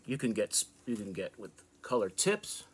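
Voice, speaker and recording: An American man from the northeastern United States, hosting a fishing channel, casually showing off soft plastic baits in a relaxed, chatty way with fillers. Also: fairly low pitch, normal speed, slightly rough. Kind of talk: casual product show-and-tell.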